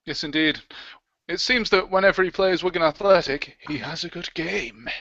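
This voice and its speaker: A man's voice: high-pitched, moderate pace, pushed and bright, no echo. A man co-hosting a livestream, chatting casually and jokily and reading out viewer comments. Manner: jokey, chatty, reads out comments. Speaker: livestream co-host. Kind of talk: casual chat. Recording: dull, lo-fi stream audio.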